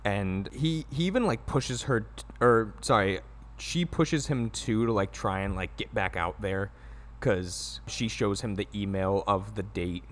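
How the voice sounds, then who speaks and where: A man co-hosting a casual film discussion, relaxed, sometimes quoting scenes in a mock voice. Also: lowish voice, measured pace. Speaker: film review podcast co-host. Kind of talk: casual chat.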